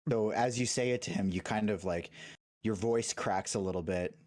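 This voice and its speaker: A man acting as dungeon master, narrating scenes and calling for dice rolls in a calm, plain way. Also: on the low side, moderate pace. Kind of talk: running a tabletop game.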